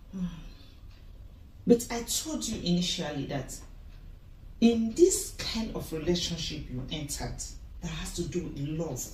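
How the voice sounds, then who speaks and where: Slow-spoken woman with a lowish voice. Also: darkish tone, a little hiss or hum. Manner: slow, questioning, teasing. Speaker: friend. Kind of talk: casual chat. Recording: roomy echo, voice from a distance, faint background.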